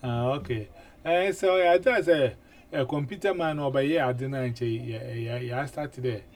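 A man hosting a casual radio chat, animated and full of 'eh' fillers and repeated words. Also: mid-range voice, normal speed. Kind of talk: casual chat in mixed languages.

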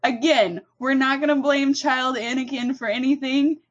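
A woman's voice: high-pitched, fairly even intonation, moderate pace, dull audio. A woman ranting casually on a podcast, profane and emphatic, laughing as she goes.

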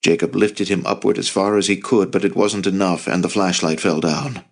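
A man narrating an audiobook in a measured storytelling manner. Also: sits low, fairly even intonation, creaky. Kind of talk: scripted narration.

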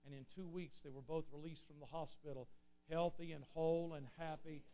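Earnest man preaching, fairly high voice. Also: fairly even intonation, a little fast, a little hiss or hum. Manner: earnest storytelling, swells loud then drops low. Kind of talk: sermon testimony.

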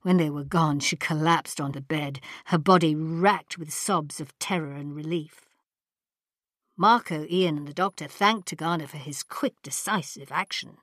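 A woman narrating an audiobook in a measured, even manner. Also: deep voice. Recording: long reverb.

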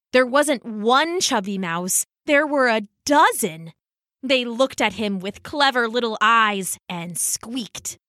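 A woman reading a children's storybook aloud in an expressive, unhurried way. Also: a little high, dry recording, studio quality. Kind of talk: storybook read-aloud narration.

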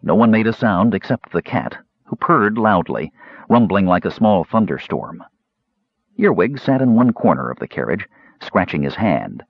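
Deep, husky man narrating a fantasy audiobook. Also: normal speed, no room sound, muffled recording. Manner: expressive, changing voices for characters.

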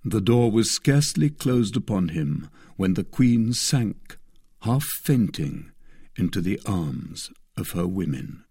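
A man narrating a classic novel as an audiobook, with an expressive, measured reading. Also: on the low side, slightly rough, no room sound, clean studio sound.

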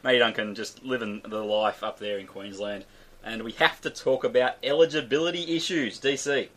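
A man's voice: medium pitch, moderate pace, fairly bright tone. An Australian man hosting a casual sports chat show, chatty and joking. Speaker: host.

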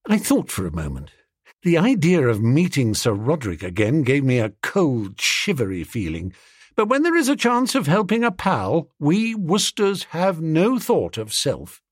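Husky man reading a story aloud. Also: on the high side, wildly swooping pitch, moderate pace, no room sound, studio quality. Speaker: audiobook narrator. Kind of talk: first-person storytelling.

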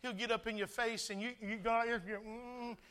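A man's voice: extremely high pitch, little pitch movement, brisk, sharp tone. A middle-aged man preaching a sermon as pastor, chatty and stammering through restarts, slipping into little acted asides.

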